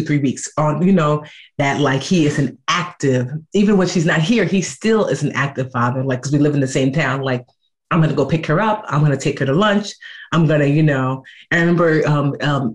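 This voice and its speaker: A woman in her thirties talking casually as a guest, lively and expressive, slipping into other people's voices as she tells stories. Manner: animated storyteller, acting out quoted voices with big pitch jumps. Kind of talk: casual conversation.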